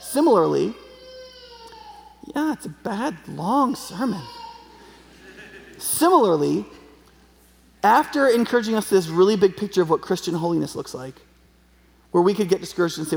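Brief: chatty, humorous man preaching, fairly high voice with a gravelly edge, echoing hall. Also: lively intonation, moderate pace, pauses often, darkish tone, a little hiss or hum. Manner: conversational, joking, uses a live chicken as a prop. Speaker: pastor. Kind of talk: sermon. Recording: long hall reverb.

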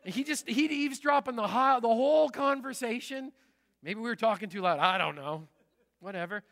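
A middle-aged man, a pastor, preaching a sermon in a large church, telling stories in a lively, conversational way. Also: very high voice, a little fast, long reverb tail. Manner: conversational storytelling, lively and animated.

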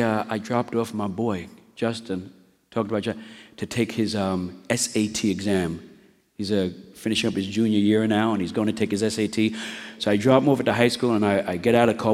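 A middle-aged man preaching a sermon, moving between quiet storytelling and rising exhortation. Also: fairly low pitch, a little fast. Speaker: pastor. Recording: long hall reverb.

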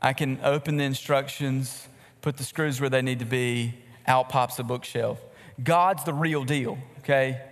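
A man preaching a sermon as pastor, leading a prayer and then teaching in a slow, deliberate way with emphatic pauses. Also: mid-range voice, fairly even intonation. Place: church sanctuary. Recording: long hall reverb.

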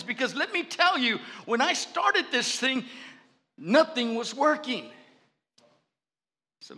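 High bright-voiced preaching pastor. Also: male voice, sing-song, takes it slowly, long pauses, big-room sound. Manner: preaching with rising fervor and repetition. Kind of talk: sermon.

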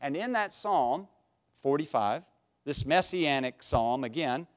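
A middle-aged man preaching an expository sermon, folksy and self-deprecating, swinging from quiet asides to loud, emphatic bursts. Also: a little high, expressive, measured pace. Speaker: pastor.

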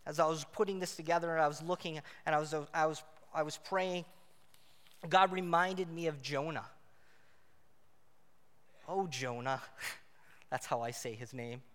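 Married male preacher, bright and forceful, sermon in a church with a long hall reverb. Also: a little high, fairly quick. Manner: dynamic, swings from loud emphatic to quiet intimate.

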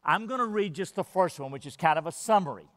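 A man's voice: sits high, lively intonation, quick pace, fairly bright tone, long reverb tail. A man preaching a sermon, earnest and emphatic, often repeating words as he builds his point.

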